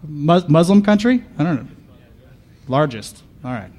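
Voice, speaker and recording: Sarcastic guy doing a funny conference talk, deadpan jokes, chats w the crowd. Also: on the high side, measured pace. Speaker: conference speaker. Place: conference hall with audience.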